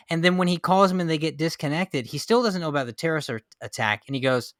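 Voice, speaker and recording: A man with a somewhat high voice, arguing his points in a casual podcast chat about movies. He backs up each claim with examples. The sound is dry and close. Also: animated, fast, few pauses, fairly bright tone, no echo. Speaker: podcast co-host.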